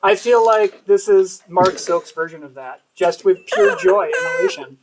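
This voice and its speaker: Brief: upbeat host over a clearly noisy line. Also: mid-range voice, a little slow. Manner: chatty, upbeat. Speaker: event host. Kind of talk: live talk.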